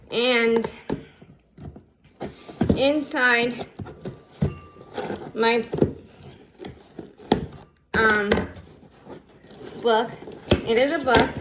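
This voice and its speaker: A young woman talks to her viewers in a loose, rambling vlog, filling her pauses with ums and restarting her sentences. Her voice sits somewhat high for a woman. There is a clear hiss of background noise behind her. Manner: rambling, chatty, many fillers. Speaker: vlogger. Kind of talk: casual unboxing vlog.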